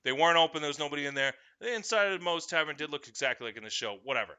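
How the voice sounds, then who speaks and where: Animated, bright-voiced man telling stories. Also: rapid-fire, clear, resonant tone. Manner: profane, animated, breaks into shrill shouted impressions. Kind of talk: comedic storytelling.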